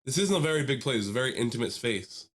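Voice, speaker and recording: A man telling a story on a casual podcast, animated and quick to laugh. He mimics the people in his story as he goes. His voice sits at an ordinary middle pitch. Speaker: podcast co-host.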